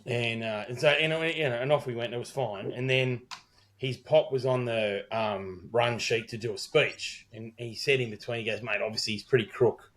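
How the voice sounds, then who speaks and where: Speaking at a medium pitch with a steady tone and normal speed, the middle-aged Australian man, a wedding celebrant, co-hosts a podcast. His rambling story, told in casual chat, is full of quoted dialogue and swearing.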